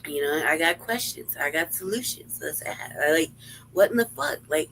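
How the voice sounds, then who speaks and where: A woman's voice: low-pitched, lively intonation, normal speed, creaky, fairly bright tone, slight background noise, poor audio. A woman co-hosting a casual livestream, talking in a brash, profane, mocking way. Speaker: livestream co-host.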